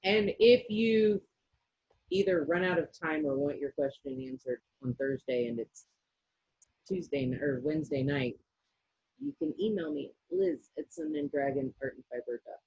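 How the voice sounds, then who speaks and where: A low-voiced woman with a husky tone tells animated shop stories in a casual chat. The sound is dry and muffled, with no room echo. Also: moderate pace. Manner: animated storyteller who acts out quotes. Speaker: co-host and shop employee.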